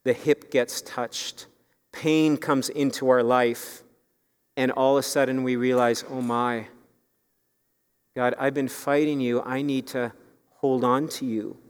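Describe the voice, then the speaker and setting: A man delivers a sermon from the pulpit, unhurried and earnest, pressing his points home with pleading emphasis. His voice is smooth and resonant, carried by the long echo of a church sanctuary. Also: medium pitch, fairly even intonation. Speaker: pastor.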